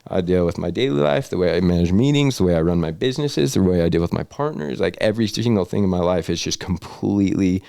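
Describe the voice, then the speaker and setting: A man's voice: low voice, animated, quick pace, vocal fry, hardly any pauses, dark tone, smooth, no echo, studio quality. A young man, a podcast guest, telling a long story in casual, rambling talk full of fillers and swearing. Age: young adult. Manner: rambling, filler-heavy, profane.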